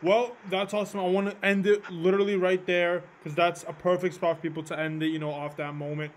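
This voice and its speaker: A man's voice: sits high, little pitch movement, fast talker, slight background noise. A man hosting a casual interview, encouraging his guest as he wraps up. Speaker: interviewer, show host.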